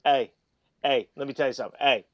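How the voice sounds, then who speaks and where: A man imitating a loud brash gym-teacher pal. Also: mid-range voice, steady tone, fast talker, natural voice. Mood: rowdy. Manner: brash, repetitive, emphatic. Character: loud male PE teacher buddy.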